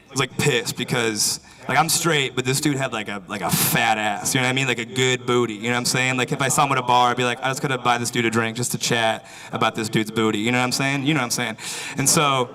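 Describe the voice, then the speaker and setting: A man's voice: mid-range voice, low-quality recording. A man doing a stand-up comedy set, talking loosely and rambling with lots of filler phrases before a live audience. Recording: live crowd audible. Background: audience laughter.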